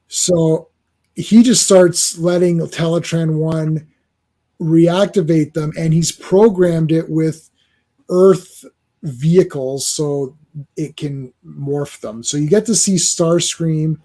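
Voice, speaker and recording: A man with a fairly high but mellow voice, hosting a loose, casual conversation. He talks animatedly, leans on fillers, and keeps slipping into little acted-out bits of the characters. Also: fairly even intonation, slow. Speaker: host. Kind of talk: casual chat.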